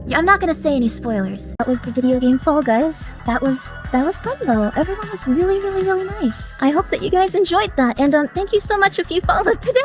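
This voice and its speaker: A woman streamer in casual chat with her viewers, rambling, excitable and laughing at herself. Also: high voice, fast, few pauses, over loud music.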